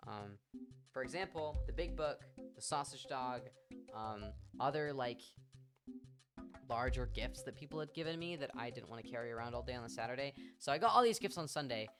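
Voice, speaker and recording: A streamer with an English accent telling a story to their chat in a casual, animated way, swearing freely and acting out what people said. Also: mid-range voice, fairly quick, music in the background. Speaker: livestreamer.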